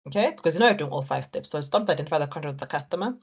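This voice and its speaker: Woman lecturer, low voice, encouraging, walks students through steps. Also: expressive, very fast, breathy edge, muffled recording. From Africa. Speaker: accounting lecturer. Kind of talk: exam technique lecture.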